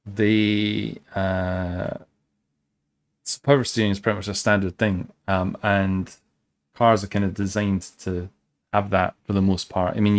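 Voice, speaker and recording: Male streamer, low voice, rambling and sweary, casual play commentary from home. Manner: rambling, sweary, many fillers and restarts. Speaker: game streamer.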